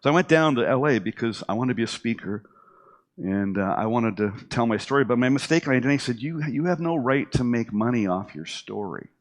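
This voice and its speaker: Speaking a little fast at a medium pitch, a middle-aged man shares a personal story in a relaxed way. He keeps restarting and using fillers, and he animatedly voices what people told him.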